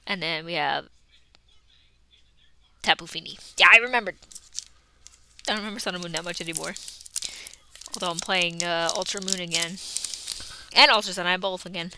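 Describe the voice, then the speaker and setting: A woman in a casual card-opening vlog, chatting and murmuring to herself, then bursting into excited squeals. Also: fairly low pitch, moderate pace, pauses often, noisy background. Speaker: YouTube creator.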